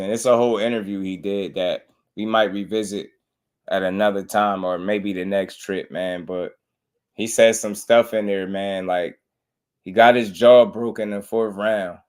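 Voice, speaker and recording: Low-voiced boxing host, blunt and slangy. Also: male voice, darkish tone. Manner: blunt slangy talk, heated when worked up. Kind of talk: casual commentary.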